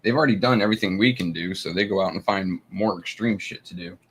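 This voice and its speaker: A low-voiced man co-hosts a casual livestream chat. He tosses in dry, wry remarks and keeps a relaxed, conversational delivery. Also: fast, slight background noise. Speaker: livestream co-host.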